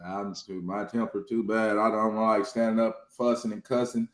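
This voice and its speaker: A man's voice: fairly low pitch, steady tone, normal speed. A man in casual conversation, talking emphatically and often asking "you hear me?". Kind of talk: casual chat. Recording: echoey room.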